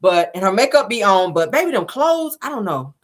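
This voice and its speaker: Sassy woman with a lively voice. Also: mid-range voice, fairly quick. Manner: sassy, animated, laughing. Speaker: host reviewing a reality show. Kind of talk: casual commentary.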